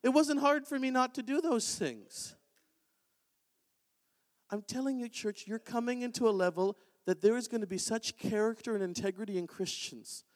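A man preaching a sermon in a church, in an animated, conversational way. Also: extremely high pitch, moderate pace. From Canada. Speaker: pastor. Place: church sanctuary. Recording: long hall reverb.

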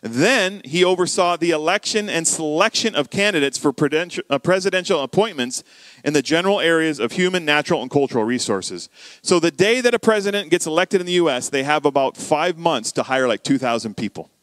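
Man, sermon storytelling, fairly high voice, dry close sound, animated quoted dialogue. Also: a little fast, no echo. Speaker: preacher.

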